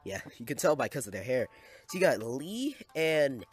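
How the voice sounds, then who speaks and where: A man's voice: medium pitch, very animated, moderate pace, slightly rough, soft background music. Playful man scolding game villagers. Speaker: gameplay commentator. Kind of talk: casual gameplay commentary.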